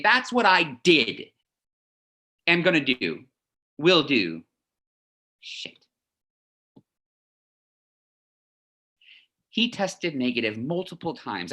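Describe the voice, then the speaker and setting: A man's voice: fairly high pitch, sharp tone. An actor playing a lonely, lovesick man who rambles and confesses in a video message to his mother, in a theatrical monologue. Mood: flustered. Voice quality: gushing, rambling, quick to confess. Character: lovesick, lonely, chatty young man in lockdown.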